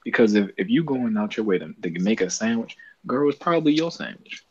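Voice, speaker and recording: A man's voice: fairly low pitch, animated, fairly quick. A man co-hosting a podcast, laid-back, joking and slangy in casual chat. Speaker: podcast co-host. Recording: muffled with faint noise.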